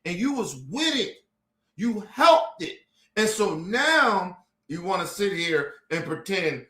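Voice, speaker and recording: A high, bright-toned man from the United States rants hard on a live stream. His pitch swings widely as he swears and hammers his points home. The sound rings with room echo. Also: expressive, slow. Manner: profane, fiery and emphatic, lecturing the audience. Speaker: streamer and commentator. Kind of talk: heated streamed commentary rant.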